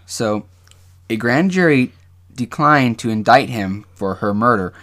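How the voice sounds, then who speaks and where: A man's voice: medium pitch, animated, measured pace, a bit bright. A man co-hosting a casual true-crime podcast, who reads out case facts and cracks jokes between them. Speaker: podcast co-host.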